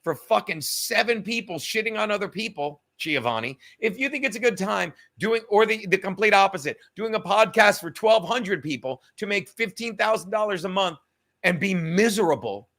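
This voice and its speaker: A man hosting a live-stream podcast, his voice sitting high and ringing bright. He rants with constant swearing and speaks straight to viewers and commenters by name. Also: lively intonation, normal speed. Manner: profane, ranting, talks straight to viewers and commenters. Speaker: podcast host. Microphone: computer mic on a live stream.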